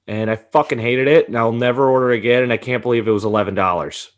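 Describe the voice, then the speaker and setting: A man's voice: mid-range voice, fast. A young man co-hosting a podcast in casual chat, ranting animatedly and swearing often, with frequent laughter. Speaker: podcast co-host.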